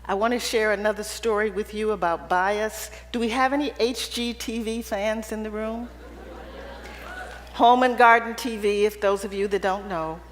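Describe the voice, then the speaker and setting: A woman's voice: mid-range voice, fairly even intonation, normal speed. A woman giving a keynote speech to an audience, telling personal stories with humor in a conversational way. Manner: humorous, conversational, often checking in with "right?". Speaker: keynote speaker. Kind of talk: public speech with personal storytelling. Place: event hall with an audience. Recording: long hall reverb.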